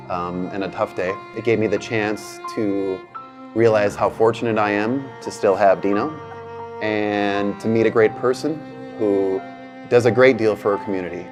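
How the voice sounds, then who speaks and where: A man giving an earnest interview testimonial as a grateful dog owner, speaking with frequent ums. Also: lowish voice.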